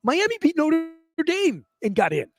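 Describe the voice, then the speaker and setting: A man's voice: very high-pitched, wildly swooping pitch, unhurried, creaky. A man hosting a sports talk radio show, ranting sarcastically about college football.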